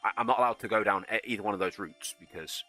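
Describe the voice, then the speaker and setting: A man's voice: lowish voice, quick pace, bright, forceful tone, soft background music. A young man streaming a game, chatting bluntly and swearing as he rambles. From United Kingdom. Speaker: gaming streamer and soldier. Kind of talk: casual chat while gaming and reading chat.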